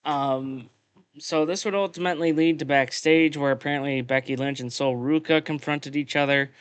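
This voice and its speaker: A man's voice: a little high, fairly even intonation, moderate pace, clean tone, no echo. A man co-hosting a podcast, recapping wrestling in casual chat, blunt and profane, with lots of "uh" and "um". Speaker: podcast co-host.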